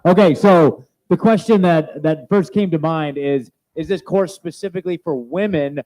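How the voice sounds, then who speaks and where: A man hosting an onstage festival chat, joking and energetic, a bit scattered, on a handheld mic. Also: on the high side, normal speed, dry recording, low-quality recording. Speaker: host interviewing festival presenters. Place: festival stage. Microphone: handheld microphone.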